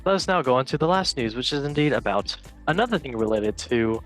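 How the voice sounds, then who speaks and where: A man's voice: mid-range voice, lively intonation, quick pace, a bit bright, soft background music. A young man hosting a football show, reading news headlines and joking around in a casual chat. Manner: playful, joking, reads headlines then riffs. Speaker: show host.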